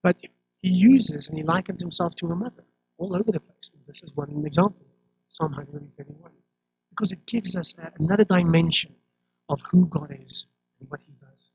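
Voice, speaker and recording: A man's voice: on the high side, moderate pace, vocal fry, a little mellow. A man preaching a sermon in a conversational way, often restarting and repeating words. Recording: dull lo-fi recording.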